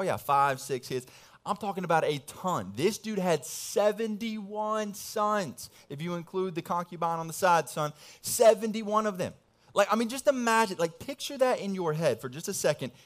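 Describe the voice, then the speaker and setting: A young man, a pastor, giving a casual, animated sermon full of slang and family stories. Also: fairly high pitch.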